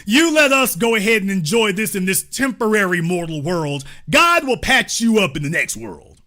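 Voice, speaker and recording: A man's voice: sits high, very animated, moderate pace, pushed and bright, full character voice. A man putting on the voice of a smug, condescending wealthy man, delivered with mocking, patronizing sarcasm.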